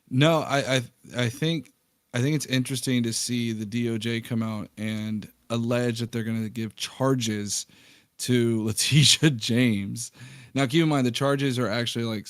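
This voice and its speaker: A man talks through political news in a loose, casual chat, circling his points with fillers and little chuckles. His voice sits in an ordinary middle range. The sound is dry and close, with no room echo. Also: medium pitch. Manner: rambling, filler-heavy, chuckling asides. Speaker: stream host.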